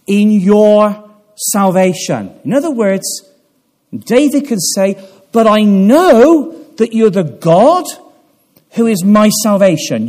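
A man preaching a sermon, earnest, sinking to a hush and then swelling with emphasis. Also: high-pitched. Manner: earnest, dramatic swells and hushed drops. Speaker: pastor.

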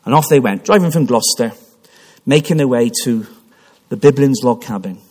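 A man's voice: medium pitch, lively intonation, moderate pace, darkish tone. A man preaching a sermon in church, telling a story with passion and frequent restarts. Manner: impassioned storytelling with repeated restarts.

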